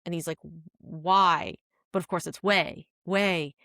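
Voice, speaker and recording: A woman's voice: lowish voice, steady tone, normal speed, fairly bright tone, dry recording, clean studio sound. A woman co-hosting a podcast, casually retelling a drama scene with lots of "like" fillers. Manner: rambling retelling full of "like" fillers. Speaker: podcast co-host.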